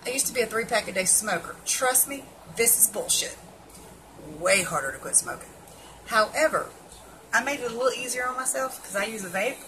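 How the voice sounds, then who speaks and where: A woman's voice: a little high, animated, a little fast, background noise. Blunt, sarcastic woman with a twang. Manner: blunt, sarcastic, swears freely. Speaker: keto vlogger. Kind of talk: casual commentary reacting to an article.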